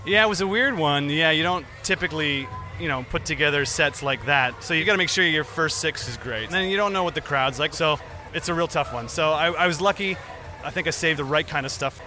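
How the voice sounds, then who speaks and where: Man from Canada, comedian, thoughtful interview, bright voice. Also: on the high side, brisk, soft background music. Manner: thoughtful, relaxed.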